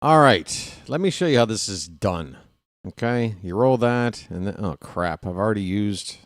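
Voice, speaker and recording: A man's voice: fairly low pitch, lively intonation, moderate pace, no echo, clean studio sound. A man hosting a live stream, chatting casually and trash-talking his opponent in a playful way.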